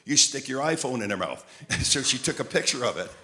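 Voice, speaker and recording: A man preaching a sermon, telling lively stories and repeating phrases like a chant. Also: medium pitch, a little fast. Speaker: traveling preacher. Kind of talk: sermon with storytelling.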